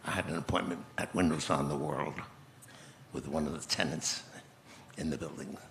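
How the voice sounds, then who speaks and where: A man in his eighties telling a personal story slowly and reflectively as a guest in a conference interview, often restarting his phrases. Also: very deep voice, fairly even intonation, creaky, a little hiss or hum. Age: 80s. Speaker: guest speaker.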